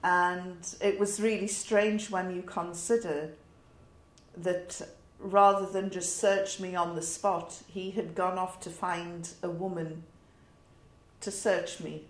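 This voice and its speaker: A middle-aged woman with a northern English accent tells a personal story in a reflective, wry way, with pauses and fillers. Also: lowish voice. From north of England. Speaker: interviewee. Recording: roomy echo.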